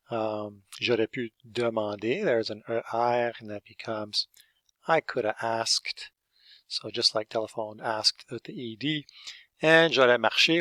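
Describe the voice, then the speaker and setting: Male teacher, slow-paced, bright and gravelly, patient step-by-step explanations. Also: mid-range voice, dry recording. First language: French. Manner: explains step by step, checks in with "okay?" and "eh?". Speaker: English teacher. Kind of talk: teaching a grammar lesson.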